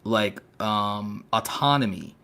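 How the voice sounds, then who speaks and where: A man's voice: on the low side, takes it slowly, pushed and bright. A man hosting a casual podcast chat, talking in long rambling runs full of fillers, with a sarcastic edge. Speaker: podcast host.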